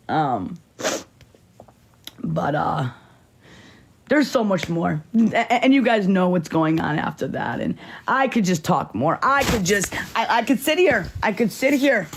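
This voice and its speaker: A woman's voice: deep voice, lively intonation, unhurried. Emotional confessional woman, noisy background. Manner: repetitive, pleading, emphatic. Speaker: vlogger telling her life story. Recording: noisy background with passing vehicles.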